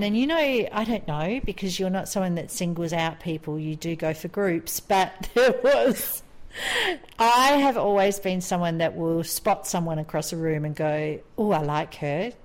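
A woman in her forties with an Australian accent, co-hosting a podcast and telling a story in a rambling, chatty way with frequent laughs. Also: on the low side. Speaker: podcast co-host. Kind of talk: casual storytelling chat.

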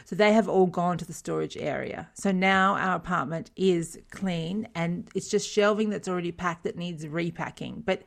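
A middle-aged woman co-hosting a casual chat, telling stories with frequent laughter and lively retold dialogue. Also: lowish voice, moderate pace, creaky, few pauses. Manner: chatty, laughs often, retells dialogue animatedly. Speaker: podcast co-host.

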